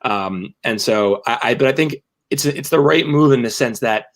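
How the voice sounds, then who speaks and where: A man's voice: mid-range voice, moderate pace. A young man co-hosting a sports podcast, talking casually and rambling through many restarts and fillers. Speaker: podcast co-host and team writer.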